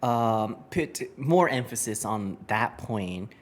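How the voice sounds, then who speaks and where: A man hosting a casual conversation lesson, thinking aloud with frequent pauses and fillers as he searches for words. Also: lowish voice, lively intonation. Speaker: host of an English conversation lesson. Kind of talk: casual unscripted conversation in English and Japanese.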